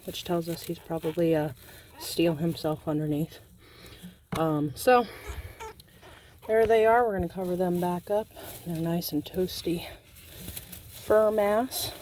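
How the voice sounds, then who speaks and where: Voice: medium pitch, darkish tone, a little hiss or hum. A small-farm owner chatting casually through a how-to demonstration, explaining as they go with plenty of ums and uhs.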